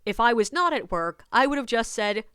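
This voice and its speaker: A woman's voice: a little high, expressive, normal speed, fairly bright tone, clear, resonant tone, no room sound, studio quality. A woman, a ghost tour guide, telling a personal story in a casual, wry way and acting out her own replies. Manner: conversational, wry, quotes herself.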